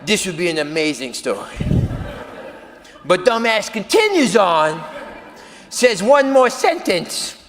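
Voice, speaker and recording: A man telling a self-mocking story as a stand-up comedian, animated and jumping into acted quotes. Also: high-pitched, slow, pauses often. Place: comedy venue with live audience. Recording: live room with reverb and audience noise.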